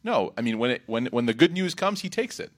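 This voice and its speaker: A man giving an Islamic reminder talk in a lively, rhetorical way, breaking into quick Arabic recitation. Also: mid-range voice. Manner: animated, rhetorical, acts out quotes. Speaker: religious speaker.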